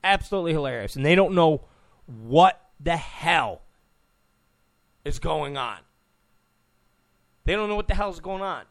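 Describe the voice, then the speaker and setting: A man's voice: fairly high pitch, animated, unhurried, long pauses. A man hosting a political talk show, giving an opinionated monologue, emphatic, repeating phrases and stammering on restarts.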